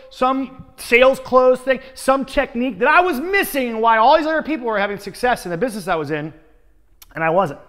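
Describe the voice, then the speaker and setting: Male sales trainer, high voice, lively motivational storyteller, recorded with a long hall reverb. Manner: energetic storytelling, keeps addressing the audience as guys. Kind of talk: motivational conference talk.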